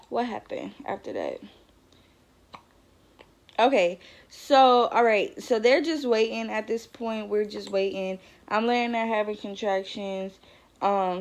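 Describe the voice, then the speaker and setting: A woman's voice: medium pitch, darkish tone. Chatty young woman with a drawl. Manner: chatty, many fillers, talks straight to viewers. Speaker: vlogger. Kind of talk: casual storytime vlog.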